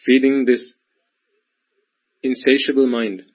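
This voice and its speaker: A Buddhist teacher gives a dharma talk in a husky, mid-range voice, speaking slowly with fairly even intonation. He repeats himself and poses rhetorical questions, and the recording is dull and lo-fi.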